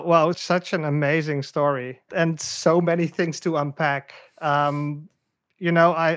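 Male co-host, enthusiastic, halting delivery; slightly high voice, dry studio. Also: no echo. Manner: enthusiastic, hesitant with fillers. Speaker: podcast co-host. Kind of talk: studio panel chat.

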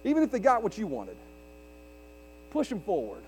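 Long reverb from a large hall and an electrical mains hum surround a male pastor whose high, slightly mellow voice swings hugely in pitch at a normal speed. He preaches with rising emphasis, calling out questions to his congregation to make his points.

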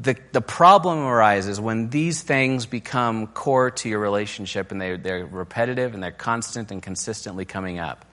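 Male preacher, lowish voice, relaxed talky delivery, big reverberant hall. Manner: casual and conversational, with fillers and restarts; acts out quoted criticisms in a raised, mocking voice. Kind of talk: conversational sermon.

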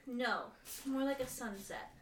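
A woman co-hosting a podcast in casual chat, playful and lively. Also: a little high, measured pace, crowd noise. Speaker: podcast co-host.

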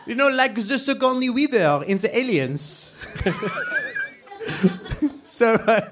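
A man's voice: very high-pitched, takes it slowly, background noise. A man with an Australian accent, chatting casually as a podcast co-host and laughing often as he tells stories. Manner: laughs often, animated storyteller. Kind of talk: casual chat.

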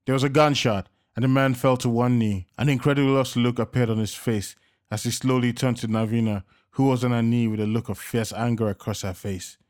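A man narrating a scripted story in a steady, measured reading. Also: mid-range voice, no room sound, clean studio sound.

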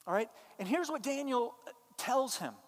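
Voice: high voice, lively intonation, normal speed. A pastor preaching a sermon to a church in an emphatic, conversational way. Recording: long hall reverb.

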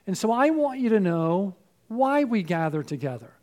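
A man preaching a sermon, earnest and full of rhetorical questions, his voice worn and giving out, with frequent throat clearing. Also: sits high, big pitch swings, normal speed. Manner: earnest, rhetorical questions, swings from loud to hushed. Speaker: pastor.

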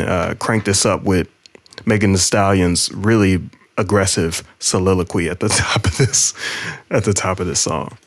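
A man hosting a podcast, talking casually and halting with frequent fillers as he sets up songs. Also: low voice. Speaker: podcast host. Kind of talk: casual commentary.

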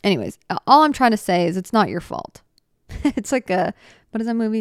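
A woman's voice: mid-range voice, big pitch swings, a little fast, no echo, clean studio sound. A woman in her twenties hosting a solo podcast, talking in an earnest, rambling, heartfelt way, cutting herself off and restarting, tearful at times. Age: 20s. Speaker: podcast host. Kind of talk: casual solo podcast talk.

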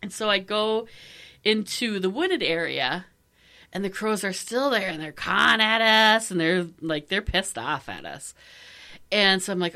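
A woman's voice: mid-range voice, lively intonation, unhurried, a bit bright. A woman chatting casually and telling a story with lots of energy. She laughs often and acts out the voices in it. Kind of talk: casual chat.

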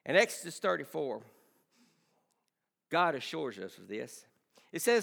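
A man preaching a sermon with impassioned delivery that swings between shouting and hushed pleading. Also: fairly high pitch, very animated, normal speed, gravelly, in a large hall.

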